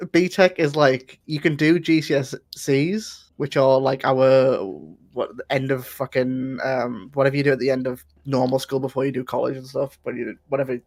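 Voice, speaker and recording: A man's voice: mid-range voice, flat delivery, normal speed, few pauses, a little mellow. A man from northern England with a northern English accent. He chats casually on a stream, blunt and free with swearing. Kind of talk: casual chat.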